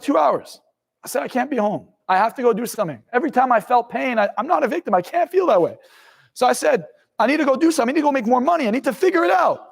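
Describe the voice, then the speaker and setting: A young man in his twenties, working as a hypnotist and motivational speaker, tells his life story to camera with a very high, creaky voice and a breathy edge. He is intense and blunt, swears a little, and the recording has long room reverb.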